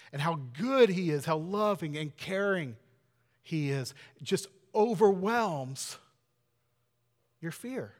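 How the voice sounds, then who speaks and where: Man, pastor, earnest conversational sermon, fairly high voice, church auditorium, long hall echo. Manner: conversational, earnest, drops to near-whispers for emphasis.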